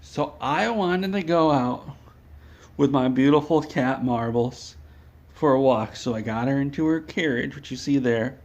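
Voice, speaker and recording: A man telling an absurd comic story in a deadpan way, dropping in mock ad plugs. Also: mid-range voice, measured pace, highs cut off. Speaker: comedic storyteller.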